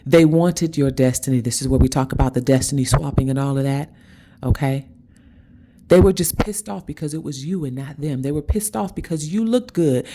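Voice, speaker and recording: A woman with a low, mellow voice delivers a spiritual motivational monologue as host. She repeats her points with insistence and keeps checking in with her listeners. She stretches out key words to give them dramatic weight. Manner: emphatic and repetitive, with frequent "okay?" check-ins; slows down and drags out words for dramatic stress.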